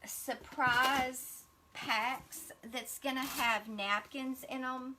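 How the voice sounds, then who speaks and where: A woman's voice: sits high, steady tone, very slow, noisy background. A middle-aged woman, hosting a casual craft livestream and gushing to her viewers as she unpacks gifts. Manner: gushing, chatty, addresses viewers as y'all.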